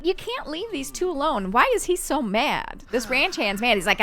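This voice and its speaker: A woman casually narrating a life-simulation game, chatty and expressive, talking to the characters and the game as she plays. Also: medium pitch, measured pace, hardly any pauses. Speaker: game streamer. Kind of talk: casual let's-play narration.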